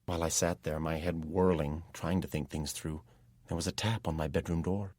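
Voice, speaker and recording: Deep, husky man narrating an audiobook. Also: fairly even intonation, normal speed, a little mellow, dry recording. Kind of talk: scripted first-person audiobook narration.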